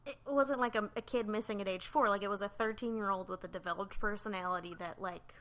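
A woman with a mid-pitched voice tells a story casually on a podcast. She talks in loose, chatty runs filled with "like" and restarts. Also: fast, a bit bright. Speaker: podcast co-host. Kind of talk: casual chat.

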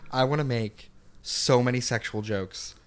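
A man's voice: mid-range voice, unhurried, clear, resonant tone. Jokey man rambling with lots of "like". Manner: jokey, rambling, heavy use of "like". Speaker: podcast co-host. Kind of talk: casual chat.

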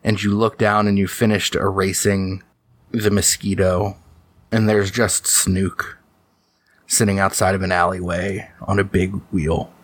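Slow, deliberate low-voiced game master. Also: male voice, level tone, dry recording. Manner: slow, deliberate for dramatic beats. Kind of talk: narrating a tabletop horror game.

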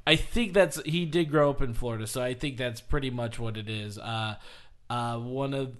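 A man co-hosting a casual wrestling podcast, telling stories with frequent laughter and squeaky acted-out quotes. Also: moderate pace. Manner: laughs a lot, acts out quotes in a high squeaky voice. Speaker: podcast co-host. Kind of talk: casual chat.

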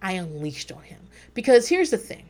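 A woman's voice: medium pitch, moderate pace. A woman hosting a podcast, giving blunt, profane commentary and telling stories from her own life. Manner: blunt, profane, animated storytelling. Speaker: podcast host.

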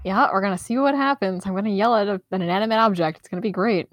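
A woman playing a tabletop game in casual, excitable, giggly chat. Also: medium pitch, quick pace, no echo. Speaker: player.

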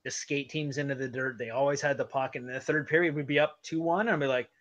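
A man co-hosting a casual hockey podcast, chatty and quick to laugh as he tells stories. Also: medium pitch, steady tone, fairly bright tone, dull audio. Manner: chatty storyteller, laughs easily. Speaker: podcast co-host.

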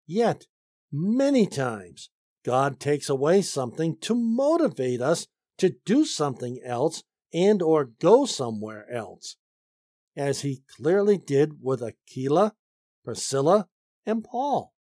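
Man, Bible teacher, slow and deliberate, lively pitch, dry close recording. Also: no room sound. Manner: slow, deliberate reading with emphatic stresses. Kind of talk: reading and commenting on scripture.

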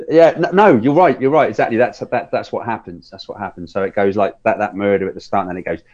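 A man's voice: lowish voice, brisk, darkish tone. Male podcast host, rambling casual film chat, dull lo-fi sound. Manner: rambling, restarts often, acts out scenes in quotes.

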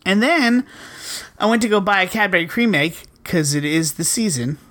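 A woman's voice: mid-range voice, expressive, moderate pace, a bit bright. A woman co-hosting a podcast in casual chat, complaining and swearing with sarcastic humor. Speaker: podcast co-host.

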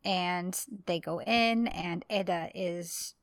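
A woman's voice: on the low side, takes it slowly, no echo, studio quality. A woman co-hosting a casual podcast, animatedly retelling a TV episode. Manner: animated retelling, often laughing and acting out characters' lines. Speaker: podcast co-host recapping a TV series. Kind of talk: casual chat.

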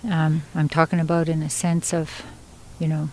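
A woman storyteller from Yukon, Canada, telling a traditional story in an unhurried, conversational way with pauses and asides. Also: low-pitched, monotone, dark tone, a little hiss or hum, low-quality recording. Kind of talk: oral storytelling.

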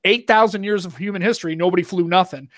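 A man's voice: high voice, fast, no echo, studio quality. A man with a Boston accent, co-hosting a podcast in casual chat, ranting with lots of restarts. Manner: animated, ranting, rambling with restarts. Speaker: podcast co-host.

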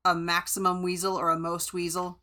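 Bright snarky woman podcast co-host. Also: lowish voice, flat delivery, fairly quick. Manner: snarky, giggly. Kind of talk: casual book-club chat.

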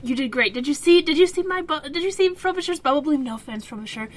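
A woman's voice: high-pitched, animated, quick pace. A woman playing a tabletop game, chatty and reassuring. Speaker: player. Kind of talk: casual play chat.

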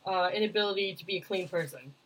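A woman co-hosting a casual book podcast over a video call, animated and quick to argue. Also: on the low side. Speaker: podcast co-host. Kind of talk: casual chat about a book.

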